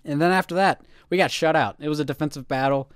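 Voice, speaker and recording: A man's voice: fairly high pitch, fast, clean tone, no room sound, clean studio sound. A man co-hosting a casual sports podcast, telling stories with animation and acting out the quotes. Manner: animated storyteller, acts out quotes. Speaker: podcast co-host.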